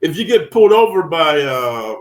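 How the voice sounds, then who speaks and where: A man's voice: on the high side, sing-song, normal speed. A man hosting his own channel, ranting emphatically with profane street talk as he tells prison stories. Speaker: channel host sharing prison experience. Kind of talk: storytelling rant. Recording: roomy and distant from the mic.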